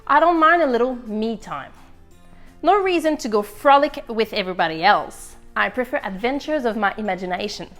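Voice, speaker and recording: A woman's voice: a little high, lively intonation, moderate pace, fairly bright tone, soft background music. A woman voicing a chatty, easily flustered little male egg who leads his friends, in a storytime read-aloud. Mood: musing.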